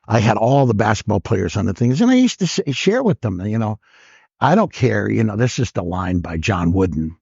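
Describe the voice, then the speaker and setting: An older man with a rough, husky voice tells stories in a relaxed chat and laughs a lot. He jumps into loud high-pitched voices whenever he quotes someone. The sound is dry and slightly muffled. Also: brisk, no room sound. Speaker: guest comedian. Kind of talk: storytelling in casual chat.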